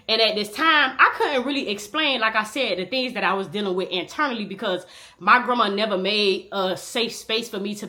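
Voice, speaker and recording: A woman in her thirties with a bright, forward voice spins a rowdy true-life storytime. She swears freely and talks straight to the viewer like a close friend, animated and loose. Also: mid-range voice. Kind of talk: casual storytime.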